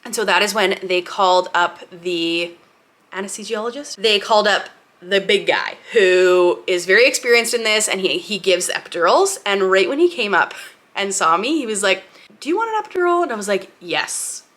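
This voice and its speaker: A woman's voice: mid-range voice, normal speed, a bit bright. A young woman vlogger telling a personal story to camera in a chatty, candid way, laughing often and acting out what people said. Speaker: lifestyle vlogger.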